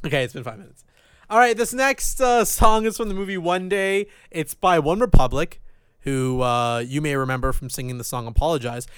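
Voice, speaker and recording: A man's voice: fairly quick, a bit bright, smooth, dry recording, clean studio sound. A man hosting a radio show, bantering in a brash, profane, mocking way. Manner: brash, profane, mocking, jumps into falsetto mimicry. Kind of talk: crude casual banter.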